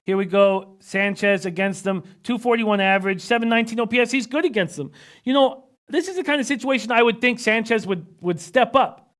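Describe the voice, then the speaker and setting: A man with a fairly high voice hosts a live betting stream, running through odds, averages and line moves. He talks quietly and close to the mic, and he keeps the numbers coming fast. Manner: rapid stat-heavy rundown, reads out chat comments. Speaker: sports betting analyst.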